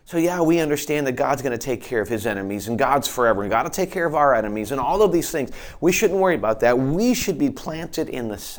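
A male pastor delivering a sermon in an earnest, emphatic voice of middle pitch. He presses his points with conviction, sometimes restarting a phrase mid-thought.

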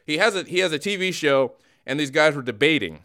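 A man hosting a casual comedic sports talk show, animated and teasing. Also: fairly high pitch, fairly quick. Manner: animated, teasing, mock-dramatic. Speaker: podcast host.

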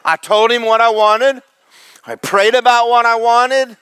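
Male pastor, high voice, dry close mic; fervent sermon with quiet joking asides. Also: fairly even intonation, unhurried, clean tone, no echo. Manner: preaches with big swings from loud highs to low asides, joking with the congregation. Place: church sanctuary.

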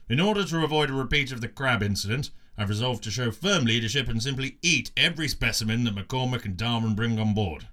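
A man's voice: mid-range voice, pushed and bright. A man playing an unravelling, despairing sea captain. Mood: glum. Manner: rambling, downbeat log entries. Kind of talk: comic audio drama.

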